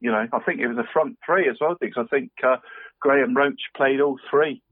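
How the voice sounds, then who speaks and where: A man's voice: mid-range voice, a little fast, breathy edge, dry recording. A man, co-hosting a casual football podcast. He rambles, restarts his sentences and says "mate" constantly. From Cornwall. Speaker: podcast co-host. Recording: dry, tinny phone-like line.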